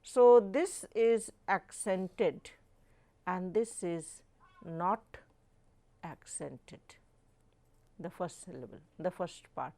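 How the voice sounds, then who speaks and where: Slow, deliberate woman lecturing with Indian accent. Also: lowish voice, mellow. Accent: Indian English. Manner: emphatic, stresses words to demonstrate pronunciation. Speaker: professor teaching a live online course.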